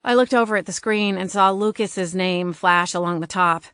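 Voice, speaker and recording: A woman narrating an audiobook in first person with an expressive, dialogue-driven reading. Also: fairly low pitch, normal speed, smooth, no echo, studio quality.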